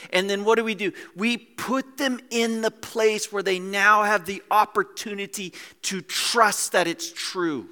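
In a church hall, a man delivers a sermon as pastor, his voice sitting high. He's lively and animated, performing scenes with a range of character voices.

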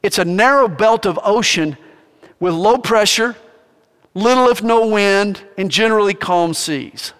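A male pastor preaching a sermon, telling stories with animated energy. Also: high-pitched, unhurried, smooth, big-room sound.

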